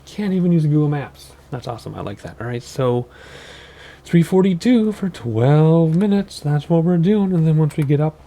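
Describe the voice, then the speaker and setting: A man's voice: medium pitch, mellow, a little hiss or hum. A tired, sleep-deprived man hosting a flight sim channel, giving casual, rambling gameplay commentary with many ums and self-corrections.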